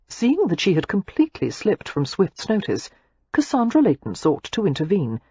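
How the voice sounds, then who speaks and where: A woman narrating a romance audiobook in an expressive, scripted reading. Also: medium pitch, moderate pace, husky, no echo, muffled recording.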